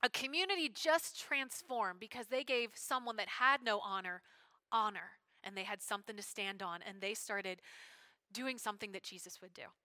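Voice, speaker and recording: A woman preaching a sermon in an animated, conversational way with casual slang. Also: medium pitch, normal speed, no room sound.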